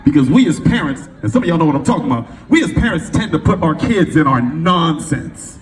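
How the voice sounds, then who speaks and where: A middle-aged man from California, a motivational speaker telling a personal story to a live audience in an animated, slangy way, acting out the voices of the people in it. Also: fairly high pitch, fairly quick, a faint crowd. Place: event venue before an audience. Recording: distant mic with faint room noise.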